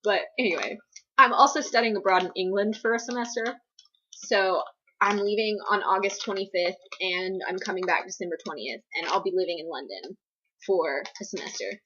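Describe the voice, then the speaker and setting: Husky young woman rambling on a vlog. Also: mid-range voice, normal speed, bright, forceful tone, lo-fi sound. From East Coast United States. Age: young adult. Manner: rambling, filler-heavy, self-deprecating. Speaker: vlogger answering viewer questions. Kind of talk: casual Q&A vlog.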